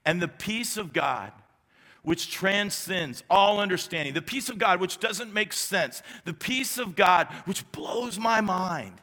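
A male pastor delivers a sermon in a large church sanctuary, his voice bright and forceful and pitched a little high. He talks to the congregation in a conversational way, leaning on emphatic repetition, with a light touch of humor. A long reverb trails every phrase. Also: expressive, takes it slowly. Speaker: executive pastor.

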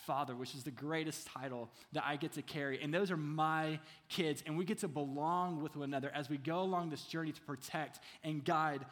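A male pastor delivers a sermon in a lively, joking manner and keeps asking his audience "right?" His voice sits a little above most men's. It rings out with the long reverb of a large hall. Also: a little high, fairly quick, few pauses.

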